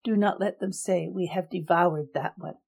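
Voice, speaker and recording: A woman's voice: fairly low pitch, steady tone, moderate pace, vocal fry, darkish tone, slightly rough. A woman voicing a frightened male captive who pleads in a shaking voice in a storybook reading. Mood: pleading. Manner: shaky, desperate pleading.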